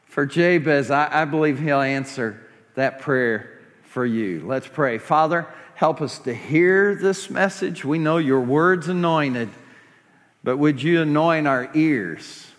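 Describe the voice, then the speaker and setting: A man's voice: a little high, fairly bright tone. A man preaching a sermon to a congregation, passionate and pleading as he builds to fervent prayer. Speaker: pastor. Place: church sanctuary. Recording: long hall reverb.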